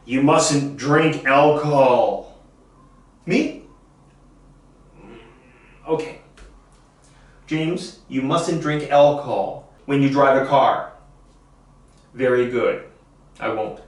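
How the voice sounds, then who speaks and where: A man teaching an English lesson, drilling short phrases slowly and deliberately. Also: mid-range voice, very echoey, recorded from a distance. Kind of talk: classroom lesson demonstration.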